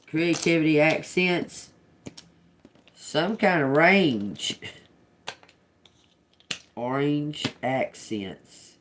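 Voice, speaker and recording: During a live-streamed tarot reading, a woman with a low-sitting voice draws out her words and pauses often, sounding out single words as she muses on them. Then she breaks into chatty, profane asides and laughter, with slight background noise present.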